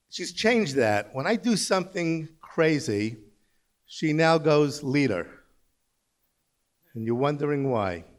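A man in his sixties, a company CEO, gives a humorous after-dinner speech, telling dry, self-mocking stories at a banquet. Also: mid-range voice. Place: large banquet hall.

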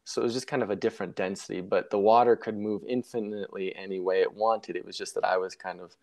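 A man's voice: on the low side, steady tone, fast, a little mellow. A young man telling a personal story in a casual interview, reflective and rambling, often correcting himself mid-sentence. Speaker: guest sharing a near-death story.

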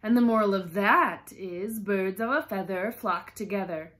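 A woman voicing a preachy old duchess in a storybook read-aloud, moralizing in a slow sing-song. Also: mid-range voice, fairly bright tone, natural voice.

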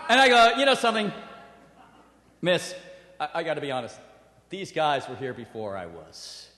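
A man preaching a sermon and telling a personal story, animated, with acted quotes and laughter. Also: sits high, moderate pace. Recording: roomy hall with long reverb.

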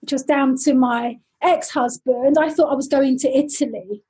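A woman from London with a London accent and a high, bright-sounding pitch. She talks in a chatty, upbeat way and laughs easily, the relaxed manner of an interview guest in her forties. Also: normal speed, breathy edge, poor audio. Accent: London English. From London, England. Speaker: guest, teacher educator. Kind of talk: casual interview chat.

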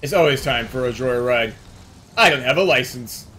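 A young man streaming a video game, joking loudly and swearing at his chat. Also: mid-range voice, normal speed, slight background noise. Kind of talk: casual profane let's-play commentary.

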